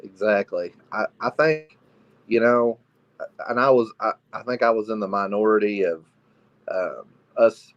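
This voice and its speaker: A man, calling into a show from a small bathroom at night, speaking quietly and easygoing. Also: lowish voice, measured pace, long pauses, no room sound. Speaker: caller. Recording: dull, lo-fi call audio.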